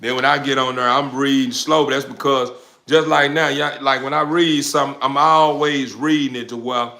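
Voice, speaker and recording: Bright-voiced man chatting on a live stream. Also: medium pitch, fairly even intonation, normal speed. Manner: laid-back, drawling, repeats words while reading comments. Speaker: dog breeder hosting a live stream. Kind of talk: casual live stream chat.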